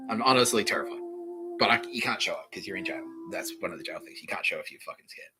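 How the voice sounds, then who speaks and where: A low-voiced Australian man tells a rambling, crude comic monologue. His speech swoops up and down and keeps breaking into laughter as it jumps from one topic to the next. Faint music plays underneath. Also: lively intonation, fast talker, low-quality recording. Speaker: podcast host.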